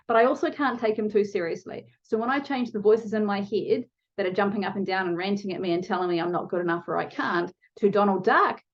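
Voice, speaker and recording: A woman's voice: mid-range voice, highs cut off. A woman coaching viewers in a motivational video lesson, talking to them directly and shifting her pace for emphasis. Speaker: online challenge coach.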